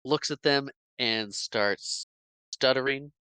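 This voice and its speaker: A man's voice: mid-range voice, slow, sharp tone, clear, resonant tone, no echo. A man co-hosting a podcast, recapping a film in casual chat, rambling with restarts and acting out quoted lines. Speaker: podcast co-host.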